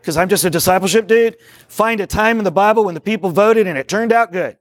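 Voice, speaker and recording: A man giving a live workshop talk to a group, excitable and rambling, jokey and preacherly, in a meeting room. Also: sits high, no room sound, studio quality. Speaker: workshop speaker on discipleship.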